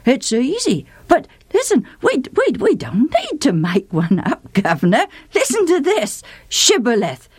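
A woman storyteller voicing an eager, excitable male adviser who giggles as he talks. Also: sits high, unhurried, hardly any pauses, no room sound, studio quality, pitched above the performer's own voice, exaggerated voice. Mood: excited.

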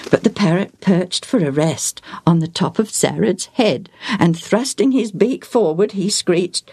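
A woman reading a children's story aloud in an expressive, animated way. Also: lowish voice, measured pace, breathy edge. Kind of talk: storybook narration.

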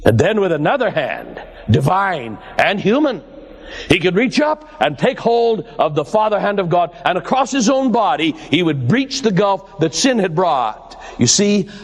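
A man with a high voice preaching a sermon, leaning hard on each word and slowing for emphasis. His voice rings out with a long reverb, as if recorded in a large hall. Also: big pitch swings. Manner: slow, emphatic preaching with dramatic pauses. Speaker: pastor.

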